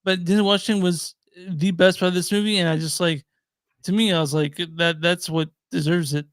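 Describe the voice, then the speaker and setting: A man's voice: high-pitched, steady tone, a little fast, smooth, dry recording. A man co-hosting a movie review podcast, talking in loose, rambling casual chat full of fillers. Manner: rambling, hesitant, many fillers and restarts.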